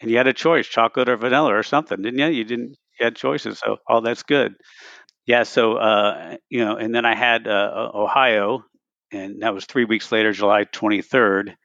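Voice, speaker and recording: A man in his sixties, a podcast guest, telling his race stories in a casual, animated way and often acting out what he said to himself. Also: fairly low pitch, normal speed, creaky, no echo, highs cut off. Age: 60s. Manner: animated, retells races with quoted self-talk. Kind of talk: casual storytelling.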